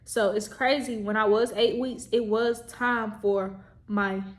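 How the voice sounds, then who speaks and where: Young woman, casual vlog chat, rambling, a bit high-pitched. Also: fairly even intonation, measured pace. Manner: rambling, chatty, repeats herself, says "y'all". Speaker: vlogger.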